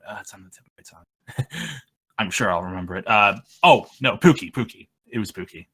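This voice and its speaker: Bright-voiced rambling young man. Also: lowish voice, big pitch swings, husky. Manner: rambling and halting, trailing off mid-sentence. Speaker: machinima creator, interview guest. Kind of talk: casual interview chat.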